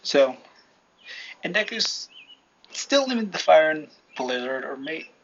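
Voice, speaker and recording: A woman telling a rambling fan-fiction story from home into a computer mic, halting and restarting often. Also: deep voice, big pitch swings. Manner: halting, full of restarts and fillers. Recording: lo-fi, faint hiss.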